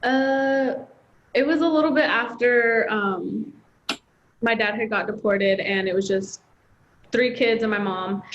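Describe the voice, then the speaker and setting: A woman's voice: fairly high pitch, measured pace, dull audio, slight background noise. A young woman, a college student, telling a personal story in an interview, heartfelt and chatty with lots of filler words. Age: young adult. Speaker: student guest.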